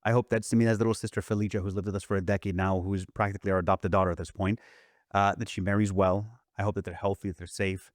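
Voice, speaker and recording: Low-voiced earnest male podcast host. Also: fast talker, dry recording, clean studio sound. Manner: earnest, reflective, quotes others in lively retellings. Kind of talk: earnest casual chat.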